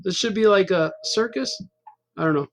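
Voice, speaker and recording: A man in his fifties, a cartoonist hosting a stream, tells a rambling, self-mocking story in casual chat. His voice is high, and he talks at a normal speed.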